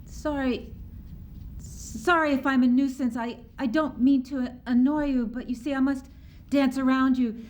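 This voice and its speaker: A woman's voice: high voice, steady tone, measured pace, darkish tone. Woman playing a stammering, apologetic survivors' son. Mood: apologetic, nervous. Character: nervous apologetic adult son of Holocaust survivors. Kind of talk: dramatic poetry performance. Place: live performance on stage.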